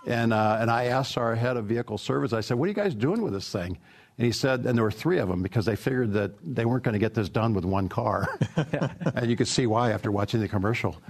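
A middle-aged man with a gravelly voice, an automotive executive answering interview questions in an easygoing, anecdotal way with plenty of fillers. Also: medium pitch, fast talker.

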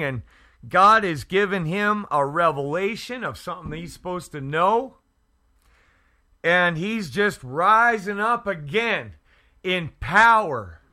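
A man hosting a Christian radio talk show, speaking fervently and haltingly, with many restarts and fillers. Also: high voice, bright, forceful tone. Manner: fervent, prays aloud. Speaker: Christian internet radio host. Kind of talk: casual faith talk show. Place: Edmonton area.

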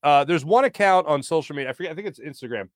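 A man's voice: a little high, expressive, rapid-fire, no echo, studio quality. A man hosting a sports talk show, chatting casually with lots of fillers while reading viewer comments. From United States.

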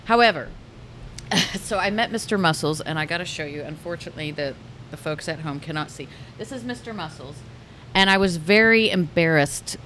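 A woman co-hosting a casual talk show, telling a dating story with animated acted-out dialogue. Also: sits low, moderate pace, slight background noise. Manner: animated storytelling, acts out both sides of conversations. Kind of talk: casual chat.

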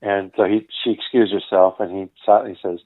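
A man's voice: lowish voice, brisk, no room sound. An older man, a guest actor and producer, telling stories casually in an interview and acting out the people he quotes. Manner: animated storyteller who acts out the people he quotes. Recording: tinny phone-like line, dry.

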